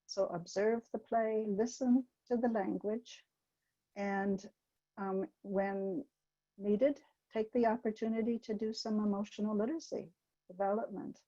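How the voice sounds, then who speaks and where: Mellow-voiced older woman giving a talk. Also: mid-range voice, steady tone, dry recording, highs cut off. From Canada. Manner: gentle, anecdotal, with pauses and fillers. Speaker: presenter. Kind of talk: webinar presentation.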